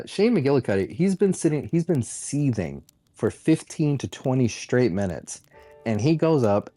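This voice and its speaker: A man ranting on a comedy podcast, mocking and animated, breaking into laughs as he goes. His voice sits at an ordinary pitch. The sound is close and dry, with no room around it. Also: dry recording. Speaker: podcast host. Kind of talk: casual comedy podcast rant.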